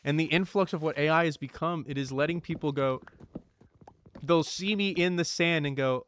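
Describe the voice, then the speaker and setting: Animated man rambling while gaming. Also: on the high side, moderate pace, clean tone, dry recording. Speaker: streamer playing a survival game. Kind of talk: casual gaming commentary.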